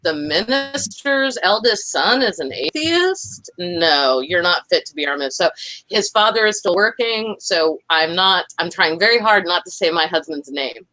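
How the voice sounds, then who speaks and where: A woman's voice: fairly low pitch, lively intonation, normal speed, sharp tone, dry recording, rough recording. A woman from the Southern United States, chatting casually as a livestream guest, chatty and self-deprecating, apologizing a lot. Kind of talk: casual chat.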